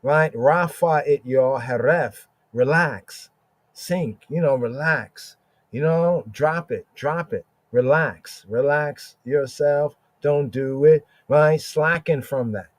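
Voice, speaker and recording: A man teaching scripture on a casual podcast. He checks in with "right?" again and again and draws out Hebrew words slowly. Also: fairly high pitch, dry recording. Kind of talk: informal scripture study podcast.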